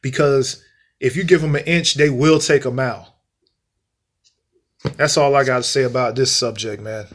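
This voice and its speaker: A man's voice: medium pitch, steady tone, moderate pace, long pauses, fairly bright tone. A man ranting in a vlog monologue, blunt and heavily profane, repeating points for emphasis. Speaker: vlogger.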